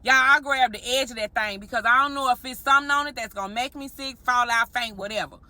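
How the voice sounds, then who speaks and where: A married woman telling an animated story straight to her viewers in a vlog, often calling them y'all. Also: a little high, quick pace, dry recording. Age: adult, married. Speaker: vlogger.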